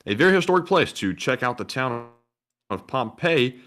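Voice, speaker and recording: A man's voice: medium pitch, animated, normal speed, fairly bright tone. Easygoing male co-host reading donations. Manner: easygoing, reads messages aloud. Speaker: co-host reading super chats. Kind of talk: casual livestream chat.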